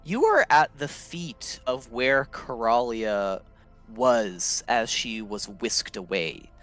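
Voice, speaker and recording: A man running a tabletop game as game master, narrating slowly with many fillers and pauses. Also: medium pitch, lively intonation, a bit bright, soft background music. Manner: slow, halting narration with fillers.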